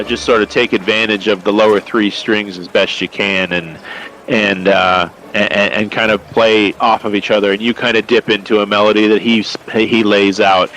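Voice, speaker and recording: Low-voiced man narrating a tabletop game. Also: a bit bright, low-quality recording. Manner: halting, many fillers and restarts. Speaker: game master.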